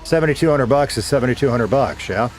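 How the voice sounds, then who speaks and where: A man's voice: mid-range voice, expressive, fast, a little hiss or hum. A middle-aged man, a former radio DJ, casually chatting with viewers while streaming a game, laid-back and swearing now and then.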